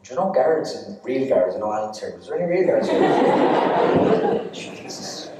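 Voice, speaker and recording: An Irish man doing live stand-up storytelling in an arts centre, animated and laughing at his own jokes. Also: lowish voice, normal speed, a loud crowd, heavy background noise. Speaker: stand-up comedian. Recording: echoey hall, distant mic.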